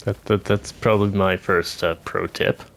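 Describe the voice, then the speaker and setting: A man's voice: low-pitched, level tone, moderate pace, creaky. A man streaming a video game, chatting casually and joking at himself. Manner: chatty, self-deprecating, laughs at himself. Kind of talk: casual gameplay commentary.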